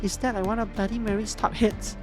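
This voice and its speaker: A woman's voice: mid-range voice, little pitch movement, fairly quick. A woman streamer making playful, joking asides while she plays a game. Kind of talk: let's play voice acting and commentary. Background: loud game music.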